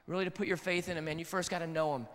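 A man's voice: fairly high pitch, steady tone, very fast, fairly bright tone. A man in his thirties preaching a sermon in a casual, conversational and earnest way. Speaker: pastor. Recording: long hall reverb.

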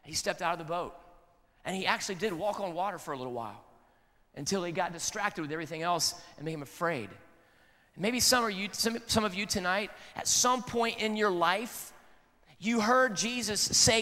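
Casting: casual young preacher, high bright voice, long reverb. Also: male voice, moderate pace. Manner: casual, conversational, earnest. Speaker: pastor. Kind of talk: sermon.

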